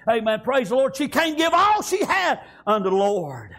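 Fervent high-voiced preacher. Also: male voice, very animated, normal speed, a bit bright. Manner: fervent, frequent "praise God" and "amen", storytelling. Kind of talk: sermon.

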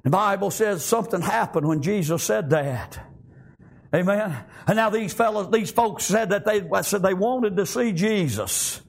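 An older man preaching a fervent sermon, halting with many fillers and constant "amen" and "praise God". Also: high-pitched, gravelly.

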